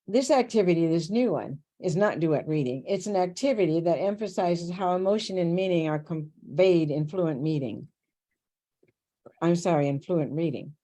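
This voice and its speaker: A woman presenting a tutor training workshop on a video call, reading prepared material in a clear, steady, instructive way. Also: lowish voice.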